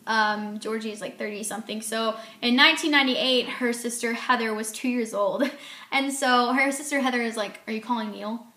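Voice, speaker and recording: A woman talks through a book in a casual vlog, retelling the story and acting out the characters' lines. Her voice is bright and a little high. It echoes around the room. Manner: chatty retelling, acting out quotes. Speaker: book reviewer.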